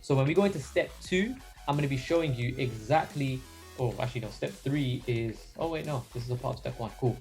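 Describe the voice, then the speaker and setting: A young man coaching his team in a casual, energetic training talk, with many fillers along the way. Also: mid-range voice, brisk, vocal fry, few pauses, soft background music. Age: young adult. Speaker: sales mentor.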